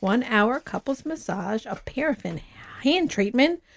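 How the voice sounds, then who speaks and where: A woman co-hosting a podcast with her husband, chatting casually, effusive and quick to laugh. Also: fairly high pitch, animated, creaky. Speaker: podcast co-host. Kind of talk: casual chat.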